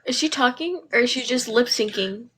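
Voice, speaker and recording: A soft-spoken woman on a group livestream, making dry remarks in casual chat. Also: a little high, brisk, husky. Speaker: livestream guest.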